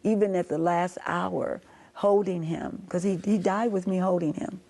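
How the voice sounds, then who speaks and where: A woman's voice: on the low side, fairly even intonation, normal speed, mellow. A middle-aged woman giving a heartfelt personal testimony as an interview guest, telling her story and acting out what others said. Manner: storytelling, acting out quoted speech; impassioned, pleading.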